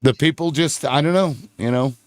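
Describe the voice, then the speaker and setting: A man's voice: fairly high pitch, normal speed, no echo. A man on a political panel talking in a rambling, profane way. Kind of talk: casual political panel chat.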